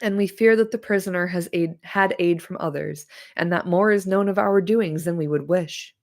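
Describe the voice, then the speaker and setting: A woman's voice: fairly low pitch, darkish tone, natural voice. A woman voicing a fair male elf, speaking earnestly and with urgency in a slightly nasal voice. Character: elf man, fair and distressed.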